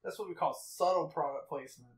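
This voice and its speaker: A man's voice: a little high, a little fast, echoey room. A man co-hosting a riff track, trading wry jokes over a movie. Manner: wry, laughing banter. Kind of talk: casual joking movie commentary.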